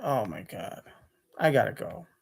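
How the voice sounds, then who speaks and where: This man's voice is on the low side, creaky and husky, swinging widely in pitch. He delivers an angry, profane rant to camera about being cut off while calling sports radio, speaking rapidly and restlessly with many restarts.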